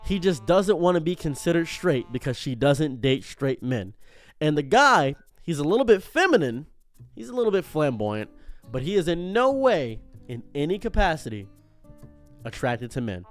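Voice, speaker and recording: A man giving an unscripted commentary monologue as a streamer, animated and prone to tangents, often stopping himself mid-sentence. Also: fairly high pitch, normal speed, faint music behind.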